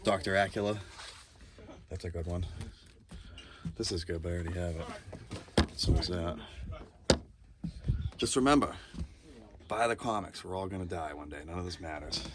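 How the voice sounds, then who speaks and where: A man chatting casually in a comic book shop, offhand and deadpan. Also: low-pitched, moderate pace, long pauses, very noisy. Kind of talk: casual chat.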